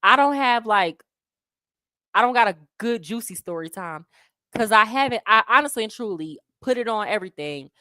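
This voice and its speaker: Speaking at a mid-range pitch and normal speed, the woman sounds expressive, with a sharp edge to her tone. She's an American travel livestreamer based in Colombia, chatting excitedly with viewers, reading out their comments, laughing often, and leaning on slang. The audio is studio quality and echo-free.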